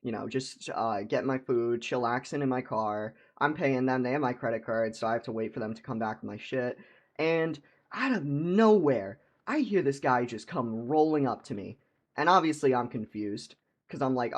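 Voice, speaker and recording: A young man tells a casual storytime vlog tale in a husky voice of middling pitch. He rambles, stumbles over repeated words and leans on "like" constantly. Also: lively intonation, moderate pace. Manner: rambling, heavy use of "like", laughs, repeats words.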